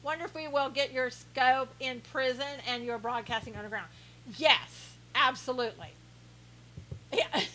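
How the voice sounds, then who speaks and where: A woman's voice: high-pitched, normal speed, pushed and bright, slight background noise, poor audio. A woman hosting a live stream, teasing her viewers with heavy sarcasm as she reads their comments aloud and laughs often.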